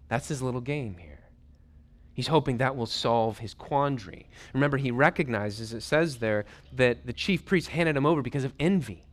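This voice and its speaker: A man preaching a sermon, reading and retelling scripture in an animated way and acting out the scenes. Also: mid-range voice, moderate pace.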